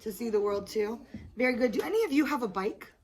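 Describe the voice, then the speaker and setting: A woman's voice: on the high side, expressive, fast talker. A woman teacher leading a small group of young children through a lesson, patient and encouraging, praising them often. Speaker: elementary school teacher. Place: classroom with children. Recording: noisy classroom with children's chatter.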